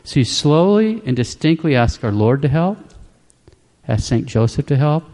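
A man giving a calm, plain-spoken religious teaching, repeating key points for emphasis. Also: fairly high pitch, moderate pace, big-room sound. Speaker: Catholic preacher. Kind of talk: instructional religious talk.

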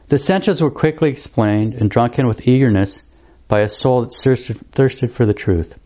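Man reading a story out loud, solemn and measured, kinda muffled recording. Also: medium pitch. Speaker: narrator.

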